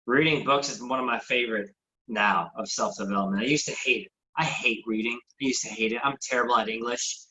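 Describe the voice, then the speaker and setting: Podcast host guy, bright voice, rambly casual talk, keeps restarting. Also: mid-range voice, fairly quick, low-quality recording. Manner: loose, rambling, frequent restarts. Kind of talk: casual chat.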